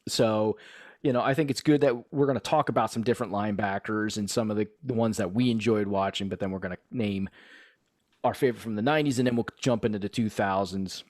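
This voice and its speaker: A man's voice: lowish voice, fast, a little mellow, no echo. Middle-aged guy hosting a sports podcast, rambly, swears a bit, dead dry sound. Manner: steers the talk, rambling, casual swearing. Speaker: podcast co-host. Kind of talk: casual chat.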